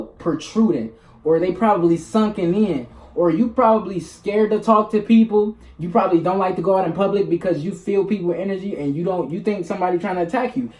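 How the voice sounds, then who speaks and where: A spiritual vlogger speaks to camera in a loose, rambling monologue that is blunt and profane. The voice is mid-range with a darkish tone, picked up by a camera mic in an echoey room.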